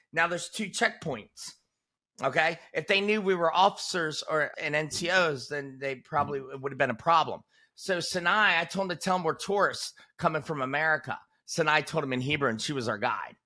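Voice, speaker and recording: Male interview guest in his 40s. Casual, animated storyteller with a brightish, forceful voice. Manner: animated, punchy storyteller who drops "boom" for emphasis.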